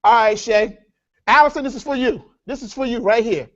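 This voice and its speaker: A man leading a live workshop seminar, energetic and repetitive, with a preacher-like cadence as he addresses the audience as folks. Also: very high voice, brisk, lo-fi sound. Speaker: workshop speaker.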